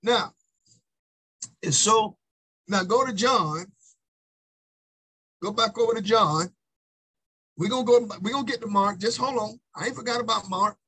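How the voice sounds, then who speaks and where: Husky high-voiced male preacher. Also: a little slow, long pauses, pushed and bright, rough recording. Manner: emphatic, repetitive call-and-response preaching. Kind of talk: sermon.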